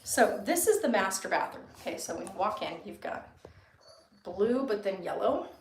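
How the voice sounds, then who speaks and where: A woman's voice: medium pitch, big pitch swings, normal speed, creaky, a little hiss or hum. A young woman chatting casually and rambling a bit as she films a tour of her house and talks to her cats in baby talk. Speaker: vlogger touring her home. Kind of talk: casual home tour vlog. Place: house, indoors and yard.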